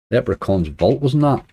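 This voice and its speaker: A man's voice: medium pitch, mellow, breathy edge. A man hosting a late-night slots live stream, chatting casually, greeting viewers and laughing often. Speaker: slot streamer.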